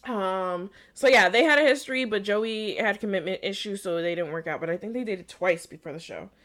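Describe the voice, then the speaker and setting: A woman's voice: mid-range voice, brisk, a bit bright. A young woman co-hosting a casual podcast, recapping a reality show in a laid-back way, swearing freely and laughing often. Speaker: podcast co-host. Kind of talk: casual chat.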